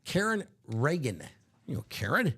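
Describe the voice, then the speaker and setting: A man's voice: fairly high pitch, sing-song, moderate pace, fairly bright tone, slight background noise. A man hosting a live card-break stream, upbeat and chatty in a casual way.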